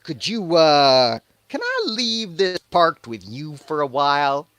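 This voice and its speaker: A man playing a flustered, pushy king who blurts out casual modern slang. His voice jumps higher and louder than a plain reading, and his lines swoop up and down. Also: wildly swooping pitch, takes it slowly, no room sound, full character voice.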